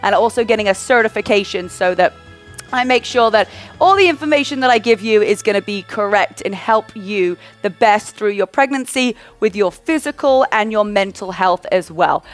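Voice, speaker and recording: A pregnant woman leading a gentle stretching workout, cueing breaths and counts in a calm, encouraging way. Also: mid-range voice, moderate pace. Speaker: fitness instructor. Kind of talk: guided prenatal workout instruction. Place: home workout space, indoors. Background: soft background music.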